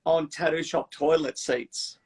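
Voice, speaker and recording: Male tattooist, husky and gravelly, sweary casual storyteller. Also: fairly high pitch, steady tone, unhurried, a little mellow. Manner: swearing storyteller, acts out quotes. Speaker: tattoo artist. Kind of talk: casual chat.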